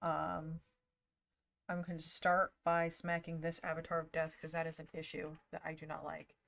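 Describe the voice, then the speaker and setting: A woman's voice: deep voice, completely flat delivery, normal speed, creaky, fairly bright tone. A woman playing a tabletop game, chatting and thinking aloud about her moves. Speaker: player. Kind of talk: casual tabletop game play.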